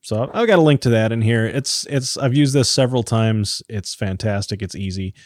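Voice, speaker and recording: A man co-hosting a podcast, chatting in an easygoing, jokey way with halting restarts. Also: fairly low pitch, dry recording, clean studio sound. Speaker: podcast co-host. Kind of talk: casual chat.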